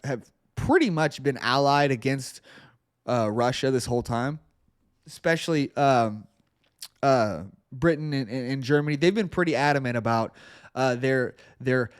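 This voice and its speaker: A man's voice: medium pitch, normal speed, smooth, no room sound, studio quality. A male podcast host giving earnest political commentary, often repeating words as he presses a point.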